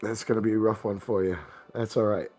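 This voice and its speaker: A man's voice: fairly low pitch, level tone, brisk, mellow, faint music behind. A man narrating as game master of a tabletop role-playing game, teasing his players and laughing often.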